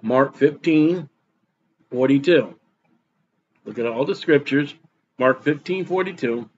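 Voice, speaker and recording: A man's voice: mid-range voice, takes it slowly, darkish tone, breathy edge, lo-fi sound. A man preaching a sermon as pastor, emphatic and repeating his points for stress.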